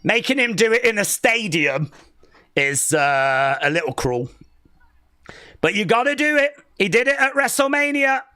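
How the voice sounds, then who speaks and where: Excitable stream host, lively pitch. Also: unhurried. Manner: excitable, shouts and laughs, chatty asides. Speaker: live stream watch-along host. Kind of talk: excited live reaction commentary.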